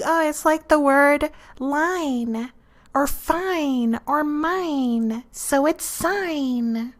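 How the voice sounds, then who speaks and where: Casting: woman streamer, unhurried but swooping pitch, swears freely, emphatic repeats, big laughs. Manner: profane, teasing, bursts into loud laughter. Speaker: game streamer. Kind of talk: casual live-stream chat.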